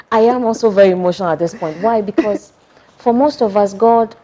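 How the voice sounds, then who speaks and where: A woman's voice: medium pitch, normal speed, mellow, a little hiss or hum. A woman hosting an interview, affirming her guest and reading out chapter headings. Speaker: talk show host.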